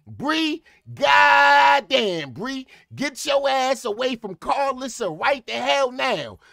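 Gravelly man ranting in reaction commentary. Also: very high voice, sing-song, slow pace, no echo, studio quality. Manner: ranting, with sudden shouted outbursts. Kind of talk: profane comedic commentary.

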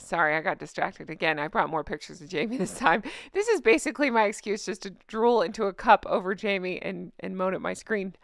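A woman's voice: mid-range voice, lively intonation, fairly quick, a bit bright, dry recording, studio quality. A woman hosting a casual commentary vlog, sarcastic and giggly, often gushing. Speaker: host.

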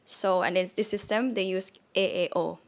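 A woman's voice: medium pitch, fairly even intonation, normal speed. A woman with a Thai accent teaching a casual online language lesson, often repeating words aloud to show the tones. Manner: demonstrates tones by repeating words, chatty with many fillers.

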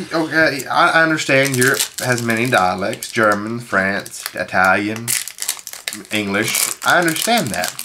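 A woman with an unusually deep, low voice tells a meandering story between reading card names. The recording is noisy, with wrappers crinkling and clicking close by. Her talk is loose and casual. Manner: rambling storyteller, reads card names aloud. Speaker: card pack opener, co-host. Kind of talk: casual chat while opening card packs.

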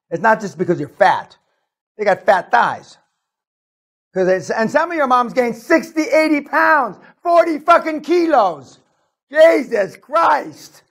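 A man giving an aggressive, profane seminar rant, berating his audience and shouting often. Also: very high voice. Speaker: business seminar speaker.

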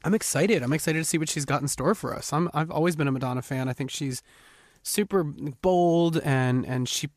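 A man's voice: a little high, normal speed, no room sound. A man being interviewed as a guest singer on a radio show, easygoing and chatty, laughing often, speaking into a close studio mic.

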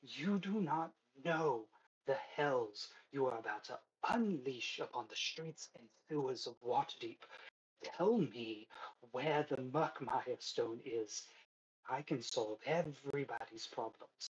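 A man voicing a refined, high-class woman crime boss who is desperate and menacing. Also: takes it slowly, husky, dull audio.

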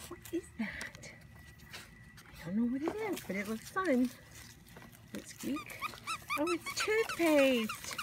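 A woman's voice: huge pitch swings, a little slow, heavy background noise. A woman talking to her dogs at home in a coaxing, sing-song way while she unwraps a box. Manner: high sing-song coaxing pet talk. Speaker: dog owner filming her pets. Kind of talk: casual talk to her dogs while unboxing. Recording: loud paper crinkling behind voice.

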